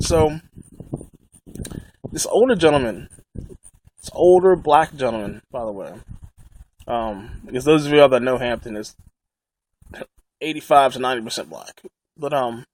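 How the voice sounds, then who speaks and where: A man's voice: fairly high pitch, darkish tone. A young man telling a story in a rambling, indignant way, with frequent restarts, as a casual vlog rant. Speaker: vlogger.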